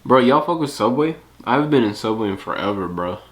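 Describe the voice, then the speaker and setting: A man's voice: medium pitch, expressive, fast, fairly bright tone. A man reacting to a video, chatting casually in laid-back slang and saying "bro" a lot.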